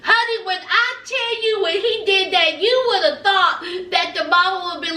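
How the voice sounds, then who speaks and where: A woman's voice: very high-pitched, normal speed, few pauses, pushed and bright, distant mic, slight background noise. A woman giving a sassy, laughing recap of a TV show, calling her viewers honey. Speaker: recap vlogger. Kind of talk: casual TV recap commentary. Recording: echoey room, voice away from mic.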